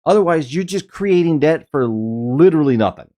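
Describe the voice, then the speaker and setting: A man's voice: on the high side, animated, moderate pace, dark tone. A man giving reaction commentary, lecturing in an emphatic way.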